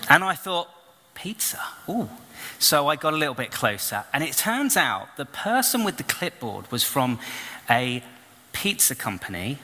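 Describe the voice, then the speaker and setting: Male preacher, bright forceful voice, animated storyteller, reverberant church hall. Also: mid-range voice, moderate pace. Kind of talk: storytelling sermon.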